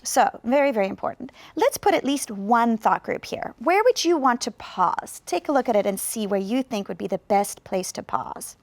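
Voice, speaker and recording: A woman teaching English pronunciation in a video lesson, speaking slowly and clearly with deliberate pauses to demonstrate. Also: on the high side, lively intonation, no echo.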